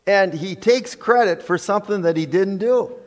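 A man preaching a sermon in a church, emphatic and deliberate, with frequent fillers. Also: high-pitched. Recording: long reverb of a hall.

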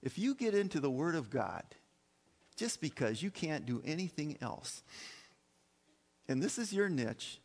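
A man's voice: on the high side, sing-song, a little slow, pauses often, a little mellow, long reverb tail. A man preaching a sermon in an emphatic style, full of fillers and restarts, in a church. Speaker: pastor.

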